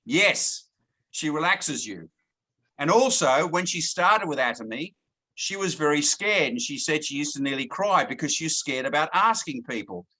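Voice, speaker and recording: A man's voice: on the high side, animated, normal speed, bright, forceful tone. A man giving a sales training talk to a team, often stopping to check in with "okay?" and repeating words as he goes. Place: lives in Thailand, now in Australia.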